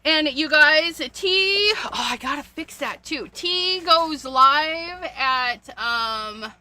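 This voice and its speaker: A woman's voice: sits high, animated, slow pace, pushed and bright. A woman hosting a casual card-making livestream, chatting to viewers while she rummages through paper and supplies, with frequent gasps and little laughs.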